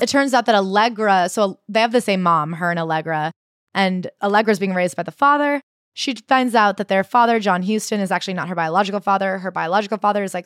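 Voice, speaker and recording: A woman's voice: medium pitch, no echo, clean studio sound. A woman co-hosting a casual book-review chat, recapping the story and dropping wry asides. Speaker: podcast co-host.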